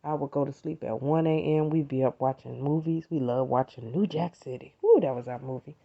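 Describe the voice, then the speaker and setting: A middle-aged American podcast host talks briskly in a rumbling low, creaky voice over lo-fi sound. Her personal talk on faith and gratitude is heartfelt and conversational, and she speaks to listeners as "you all."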